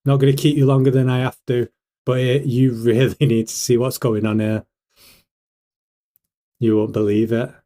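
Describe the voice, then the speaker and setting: A man's voice: mid-range voice, little pitch movement, normal speed, long pauses, dark tone. A British man hosts a casual livestream in a hyped, rhetorical way. He keeps throwing questions at his viewers and pushes the pace. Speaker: livestream host.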